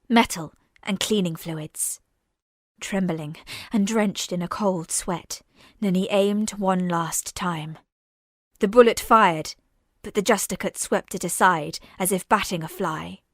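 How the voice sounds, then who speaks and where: A woman narrating a science-fiction audio serial at a slow, measured pace. Her voice sits in a middle range and stays steady through the telling. The recording is dry and close with no room sound. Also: mid-range voice, no room sound. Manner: measured, unhurried storytelling. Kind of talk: scripted audio-drama narration.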